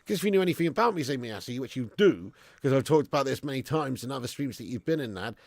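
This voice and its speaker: A young man hosting a live football watch-along stream, hyping donors with loud banter and dropping to low mutters. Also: fast, gravelly, no room sound, clean studio sound. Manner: excitable, banter-heavy, swings from loud hype to low mutters.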